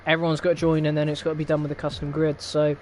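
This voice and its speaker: A man's voice: fairly high pitch, completely flat delivery, very fast, darkish tone, slight background noise. A young man hosting a racing league stream, chatting casually in a wry, rambling way and laughing often. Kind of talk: casual live-stream chat.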